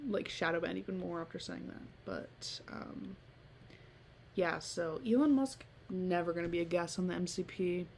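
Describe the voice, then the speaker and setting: A woman's voice: on the low side, slight background noise. A teenage girl hosting her own podcast, chatting casually and rambling with lots of "like" and frequent laughter. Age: late teens. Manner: rambling, heavy use of "like", giggly. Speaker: podcast host. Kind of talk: casual solo podcast chat.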